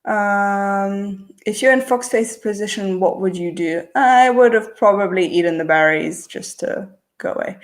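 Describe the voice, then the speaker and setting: Relaxed woman hosting a livestream. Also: mid-range voice, moderate pace. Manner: relaxed, chatty, thinks aloud before answering. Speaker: channel host. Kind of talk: casual livestream Q&A reading chat questions.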